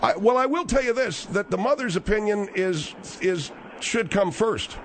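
A man hosting a radio talk show from a studio by the ocean, talking fast with a salesman's push on a studio microphone. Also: a little hiss or hum. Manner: fast, promotional pitching.

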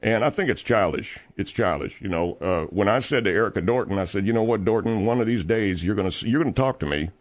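Man doing a low-voiced, rambling middle-aged construction boss, petty and stammering, radio comedy bit. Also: expressive, quick pace, hardly any pauses. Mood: indignant. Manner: rambling, stammering, easily aggrieved. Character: blustering male concrete contractor, petty and long-winded. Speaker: guest host filling in on a radio show. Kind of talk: comedic radio call-in monologue.

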